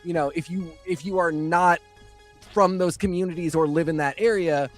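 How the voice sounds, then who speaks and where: A man's voice: fairly high pitch, fairly even intonation, moderate pace, soft background music. A man co-hosting a casual podcast, talking at length with many fillers and asides. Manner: chatty, digressive, many fillers. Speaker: podcast co-host. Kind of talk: casual chat.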